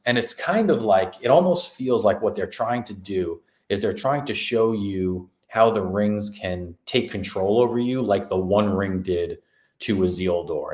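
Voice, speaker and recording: A man co-hosting a podcast, sarcastically retelling an episode and mocking its characters in quick put-on lines. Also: on the low side, roomy sound. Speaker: podcast co-host. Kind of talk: casual review recap.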